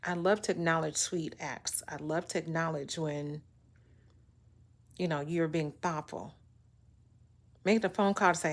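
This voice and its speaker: A woman's voice: sits low, fairly even intonation, measured pace, pauses often. A woman vlogger talking casually to camera, blunt and emphatic, often doubling words as she gets fired up. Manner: blunt, emphatic, exasperated ranting; repeats words when fired up. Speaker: vlogger giving relationship talk.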